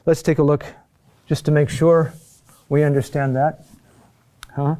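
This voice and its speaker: A man lectures at a board in a somewhat raised but mellow, warm voice. He speaks in short, patient phrases, restarting often and checking on his listeners with a quick "huh?". The delivery is slow and explanatory. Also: a little high, little pitch movement. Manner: halting and repetitive, with frequent "huh?" check-ins; patient, explanatory pacing with many pauses and restarts. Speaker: chant teacher.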